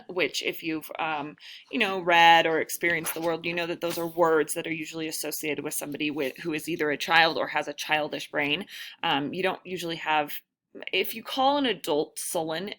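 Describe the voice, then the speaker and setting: A woman's voice: sits low, a bit bright, slight background noise. A woman instructor giving a casual recorded lecture, thinking aloud with lots of fillers and self-deprecating asides. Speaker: writing instructor.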